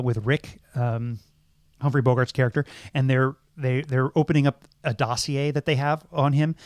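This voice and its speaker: A man's voice: mid-range voice, no echo, clean studio sound. A middle-aged man and podcast co-host, talking through films thoughtfully, with many ums and restarts. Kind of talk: casual film discussion.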